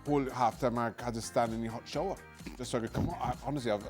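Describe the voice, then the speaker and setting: A man's voice: medium pitch, steady tone, racing, faint music behind. A man who played as a goalkeeper, telling jokey stories on a football panel. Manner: joking, laughs at his own stories. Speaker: football pundit, former goalkeeper. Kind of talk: studio panel chat.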